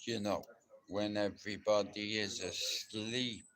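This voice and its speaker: A man's voice: lowish voice, fairly even intonation, slow. Swearing Irish man on a livestream. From Ireland. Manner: rough-spoken and heavy on swearing; loud and ranting when fired up. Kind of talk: casual live-stream chat.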